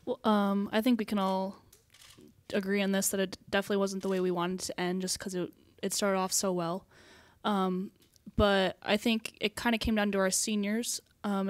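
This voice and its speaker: A young woman athlete answers at a press podium in an earnest, halting way. Her pitch stays fairly flat, and the sound is dry and close to the mic. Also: no echo. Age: young adult. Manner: earnest, halting, many ums. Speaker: college basketball player.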